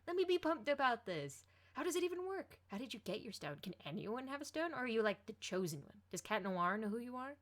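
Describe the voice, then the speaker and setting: A woman voicing an excitable teenage boy, an eager and loyal friend who talks loud, high and bouncy. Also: fast. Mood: excited.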